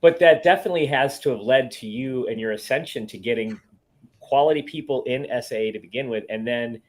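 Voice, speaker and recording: A man's voice: mid-range voice, fairly quick. A man co-hosting a podcast in casual chat, affirming and asking leading questions. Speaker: podcast co-host.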